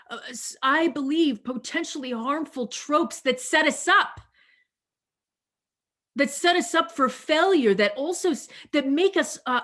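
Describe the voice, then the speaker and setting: A woman pastor preaching a sermon over a video call, deliberate and repetitive, drawing out her key phrases for emphasis. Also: high-pitched, a bit bright.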